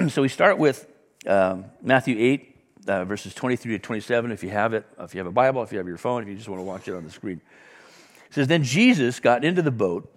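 Speaking in a large hall, a pastor with a fairly low voice delivers his sermon like a conversation. He tells lively stories and turns to the congregation with asides.

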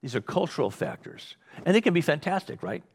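A man's voice: fairly high pitch, very animated, fairly quick, creaky, slightly rough. A male pastor preaching a sermon in a conversational way, often restarting phrases and acting out little asides.

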